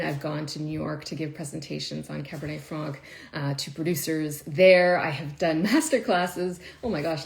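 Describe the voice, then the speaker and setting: A woman who makes wine videos chats casually with viewers on a live stream in a low, creaky voice. She's emotional, laughs often, and uses many fillers.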